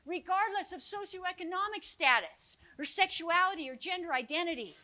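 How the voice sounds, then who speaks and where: A woman giving a motivational keynote to teachers, telling stories in an expressive way that swings from hushed to loud and rallying. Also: very high-pitched, moderate pace. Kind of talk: motivational conference keynote with storytelling. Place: conference stage before an audience.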